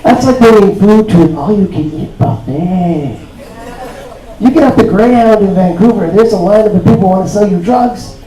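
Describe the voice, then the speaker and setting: A man from Toronto performing a stand-up comedy set, telling stories deadpan and acting out the other people's voices. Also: sits high, normal speed. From Toronto, Canada. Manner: deadpan storytelling with acted-out voices. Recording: roomy club sound, mic heard from a distance. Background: audience laughter.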